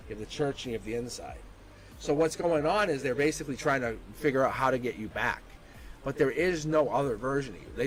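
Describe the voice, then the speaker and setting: A man giving a live tarot reading, blunt and animated, laughing often and acting out what people say. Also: mid-range voice, rough recording. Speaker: tarot reader.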